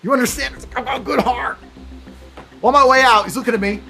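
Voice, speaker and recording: A man's voice: very high-pitched, fast, gravelly, sharp tone, husky. A man from England, telling a profane, blunt story and acting out both sides of each exchange. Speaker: motivational speaker. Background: faint music.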